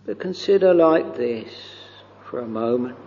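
A man preaching a devotional sermon, very slow and halting, with long pauses and soft trailing phrases. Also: mid-range voice, animated. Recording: dull lo-fi recording with long hall reverb.

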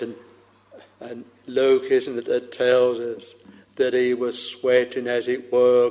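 Calling his hearers "dear soul," a preacher delivers an old-fashioned fervent sermon that sometimes swells into half-sung chant. His mid-range, slightly mellow voice is slow and completely flat, with long hall reverb.

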